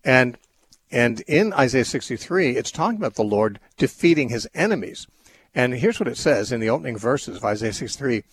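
Male call-in host, husky voice, musing and meandering, mid-pitched, explains scripture off the cuff. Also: lively intonation, a little fast. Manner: thoughtful, rambling with many restarts and fillers. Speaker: radio Bible-teaching call-in host. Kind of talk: unscripted call-in Bible answers.

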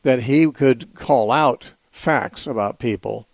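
Measured male radio host, dry close sound. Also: mid-range voice, creaky, darkish tone, no room sound. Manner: measured, thoughtful, frequent fillers. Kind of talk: call-in radio Bible teaching.

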